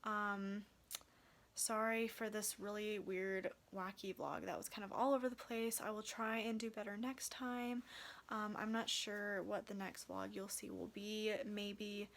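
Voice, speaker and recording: A woman's voice: mid-range voice, flat delivery, unhurried, vocal fry, fairly bright tone. A young woman in college, telling a story in a casual vlog, rambling with lots of "like" and "um", tired. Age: young adult. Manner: rambling, heavy use of "like" and "um". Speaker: vlogger.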